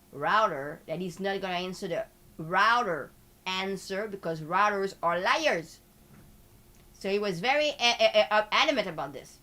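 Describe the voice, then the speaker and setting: A woman from Canada with a Quebec French accent, hosting a live market commentary in an excitable way and peppering her talk with filler tags. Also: medium pitch. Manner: excitable, switches between French and English, full of filler tags. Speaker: host.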